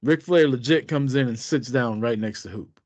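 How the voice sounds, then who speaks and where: A man's voice: mid-range voice, moderate pace, a little mellow, no echo, dull audio. A man co-hosting a podcast, telling a rambling, profane story in casual chat. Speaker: podcast co-host.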